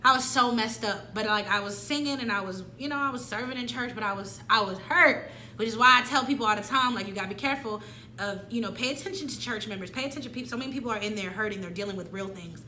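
Animated, slangy young woman, echoey room. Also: mid-range voice, fast, a little hiss or hum. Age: 20s. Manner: animated, slangy, acts out her own past lines. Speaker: vlogger. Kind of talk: candid personal storytelling.

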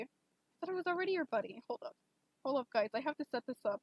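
A young woman streaming a game, chatting casually and rambling with lots of fillers, gushing excitedly at times. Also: sits high, fairly quick, dry recording. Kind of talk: casual live-stream chat. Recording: dull lo-fi stream mic.

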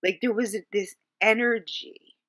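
Speaking in a mid-range voice, a woman vlogger shares a personal story on camera. Her delivery is halting, full of fillers as she hunts for words, and soft and subdued, at times dropping almost to a whisper.

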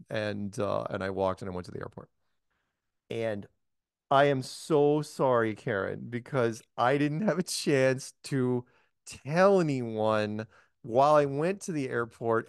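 A man's voice: mid-range voice, dry recording, clean studio sound. A man hosting a casual chat, telling a long story and acting out the voices of the people in it. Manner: animated storyteller, acts out quoted voices. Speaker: host.

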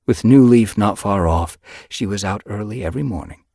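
A man narrating an audiobook in an expressive storytelling manner, recorded in a studio. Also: on the low side, normal speed, vocal fry, no echo. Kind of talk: scripted narration.

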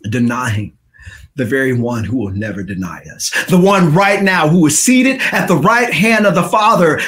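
Man preaching, high voice, slow delivery, dramatic, shouting then hushed. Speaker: pastor. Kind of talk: sermon.

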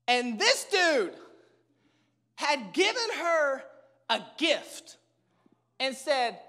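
A male pastor preaching a humorous, storytelling sermon to a live church congregation, animated and self-mocking, with emphatic repetition. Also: very high-pitched, drawn-out words, long pauses.

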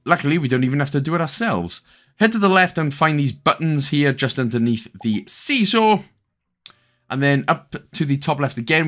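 A man's voice: mid-range voice, sing-song, moderate pace, fairly bright tone. A young man with a Welsh accent talking through a game guide, chatty and joking with lots of asides. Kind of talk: casual gameplay commentary.

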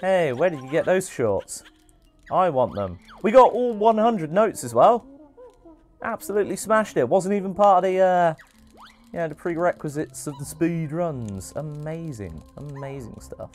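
Excitable man commentating gameplay. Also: a little high, soft background music. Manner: excitable, chatty, quick exclamations and cheers. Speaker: streamer hosting a speedrun.

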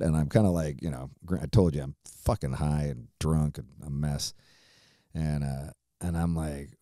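A middle-aged podcast host tells a story casually, rambling and profane, full of fillers and restarts. His male voice is very deep and dark in tone at a moderate pace, recorded clean in a studio with no room sound.

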